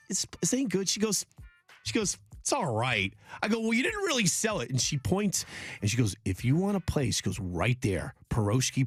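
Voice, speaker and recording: A man hosting a sports radio talk show, rambling and joking in a loose, animated way. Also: fairly high pitch, no echo. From Polish heritage.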